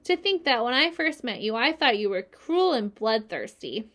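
A woman's voice: on the high side, very animated, normal speed, fairly bright tone. A woman reading aloud and voicing a young male pig, earnest and emotional, pleading and crying out. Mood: tender. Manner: pleading, rising to cries.

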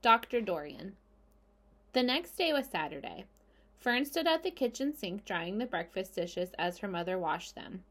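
A woman reading a children's novel aloud with expressive, clear storytelling. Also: mid-range voice, a little slow. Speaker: audiobook narrator.

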